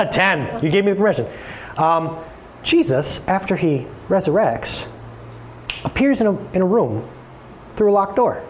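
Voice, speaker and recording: Animated high-voiced male pastor. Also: a little slow, pauses often. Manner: animated, playful, acts out voices. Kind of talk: sermon.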